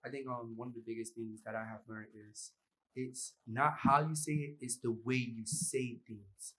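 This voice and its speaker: A man's voice: medium pitch, fairly even intonation, moderate pace, a bit bright, breathy edge, low-quality recording. A young man, a university student, speaking earnestly from the audience microphone at a panel and acting out bits of dialogue. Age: young adult. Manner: earnest, acts out example dialogue.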